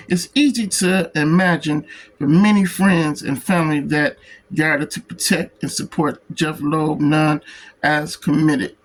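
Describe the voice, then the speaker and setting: Slow, halting man reading aloud. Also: fairly high pitch, poor audio. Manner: slow, halting reading that stumbles and restarts on words. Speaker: comic book reviewer. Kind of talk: reading a book's text aloud.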